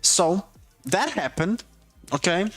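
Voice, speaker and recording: A man with a somewhat high voice talks through a story on his livestream. He is heated and profane, and he rambles and restarts his sentences. Faint music plays behind him. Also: lively intonation, takes it slowly, fairly bright tone. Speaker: livestreamer and tattoo artist.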